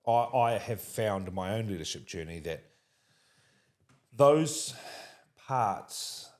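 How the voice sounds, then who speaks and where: A man with a New Zealand accent interviewing a guest in a casual, animated way, laughing often and restarting his sentences. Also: fairly low pitch, takes it slowly.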